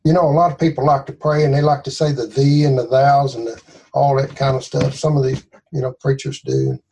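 Southern US man, husky, mellow voice, folksy and earnest devotional speaker. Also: medium pitch, steady tone, fairly quick. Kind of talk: informal devotional talk.

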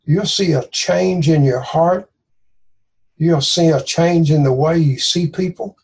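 A man's voice: a little high, takes it slowly, a little mellow, breathy edge. A man with a Southern US accent giving an informal devotional talk in a folksy, earnest, conversational way.

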